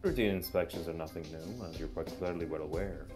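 A man's voice: low-pitched, fairly quick, music in the background, close to an everyday voice. A man voicing a sly, mocking male dog agent who stays cool and taunting in a visual novel reading. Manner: smug, sarcastic, taunting.

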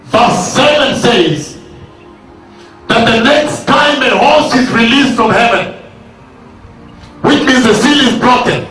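A very high-pitched male preacher speaks slowly and deliberately, leaning hard on each phrase and breaking into shouts. His voice comes from some distance away and rings through a large, echoing hall. Faint music sits in the background. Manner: slow, emphatic preaching that rises to shouts. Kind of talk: sermon.

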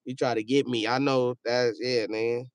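A man's voice: medium pitch, fairly even intonation, moderate pace, smooth, no room sound, studio quality. A man hosting a casual livestream, reading viewer comments aloud in a loose, joking and profane way, often trailing off into a mumble. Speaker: livestream host.

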